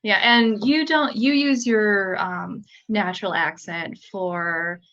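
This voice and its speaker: Brief: female podcast host, inquisitive and upbeat, mid-pitched, lo-fi audio. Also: takes it slowly, fairly bright tone. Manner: inquisitive, asks follow-up questions, upbeat. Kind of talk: casual podcast chat. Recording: dull lo-fi sound.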